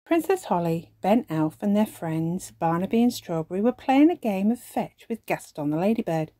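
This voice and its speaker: A woman reading a children's story aloud in a slow, expressive storybook manner. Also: medium pitch, no room sound. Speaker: storytime reader.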